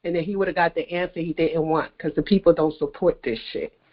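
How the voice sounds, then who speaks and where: A man speaking as a party general secretary, calm and firm as he makes his point. His voice sits a little high for a man, and the call sound is dull and lo-fi. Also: brisk. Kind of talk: political commentary on a call. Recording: muffled lo-fi call audio.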